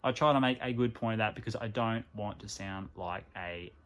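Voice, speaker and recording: A man's voice: lowish voice, brisk, fairly bright tone. An Australian man with a chatty, self-mocking manner, talking casually to camera as host of a gaming channel.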